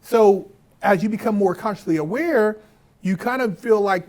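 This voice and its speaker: Animated, swearing podcast host. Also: male voice, high-pitched, normal speed. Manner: animated, swears freely, acts out quoted people. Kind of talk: casual conversation.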